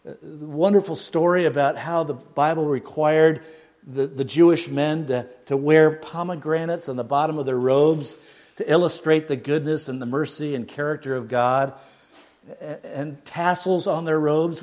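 A man preaching a sermon, dropping to near a hush and then rising loud. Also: fairly high pitch, fairly even intonation, moderate pace. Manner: dramatic swings from hushed to loud, mocks a pompous prayer voice.

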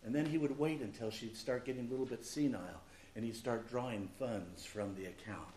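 A male pastor preaching a sermon, animated and conversational, dropping to quiet asides and rising to loud emphatic bursts. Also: medium pitch, a little fast, slight background noise.

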